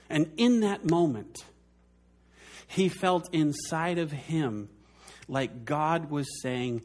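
A man in his forties, a pastor preaching a sermon in an earnest way, slowing down and dropping his voice soft for emphasis. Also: on the high side.

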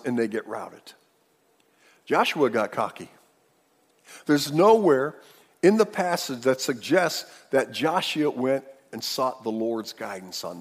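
A man preaching a sermon, acting out the quotes dramatically with big swings between loud and hushed. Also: fairly high pitch, slightly rough. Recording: long hall reverb.

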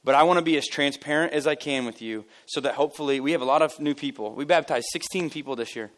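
Male pastor, conversational sermon, animated and self-mocking, slightly high voice. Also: quick pace. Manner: animated, joking, self-deprecating storyteller. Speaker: lead pastor. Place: church service.

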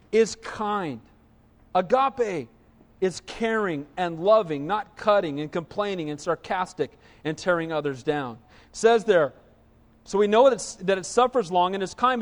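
A man preaching a sermon as pastor, animated and conversational, often checking in with the congregation. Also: sits high, big-room sound.

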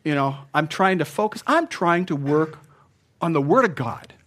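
A man's voice: fairly high pitch, expressive, normal speed, a bit bright. A man preaching a conversational sermon in church, chatty and self-mocking, teasing his congregation. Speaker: pastor. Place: church sanctuary.

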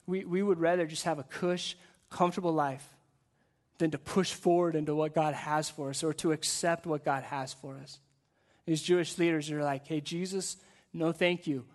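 Energetic man preaching a sermon. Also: a little high. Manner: energetic, conversational preaching with repeated words. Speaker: guest pastor. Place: church service.

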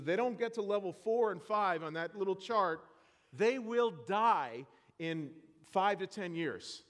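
A man preaching a sermon in church, animated and self-deprecating, joking with the congregation. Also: high voice, long reverb tail. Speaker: pastor.

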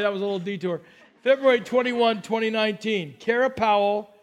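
An older man preaching a sermon as a pastor, telling personal stories with self-deprecating humor and dropping to a quiet voice for emphasis. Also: sits high.

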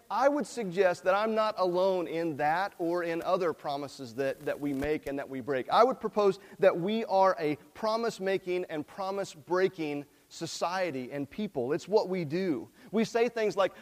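Male pastor, high-pitched voice, chatty sermon delivery that questions the congregation, long church reverb. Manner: conversational, asks the congregation questions. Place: church sanctuary. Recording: long reverb in a large hall.

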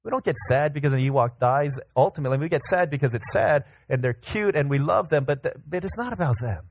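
Lively, slightly high-voiced male preacher. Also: quick pace, dry recording. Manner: lively, repeats and restarts words, uses everyday examples. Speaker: pastor. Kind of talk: energetic conversational sermon. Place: church service with congregation.

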